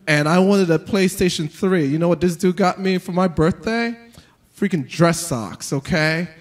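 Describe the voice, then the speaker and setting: A male stand-up comedian performs live with a rambling, animated delivery stuffed with fillers and sudden leaps into exaggerated voices. His voice sits high, and he talks at a normal speed.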